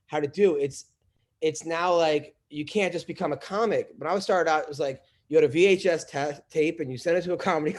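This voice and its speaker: Here the comedian guest's voice runs fairly high and a bit mellow. He chats casually on a podcast, spinning loose, wandering stories full of fillers and false starts.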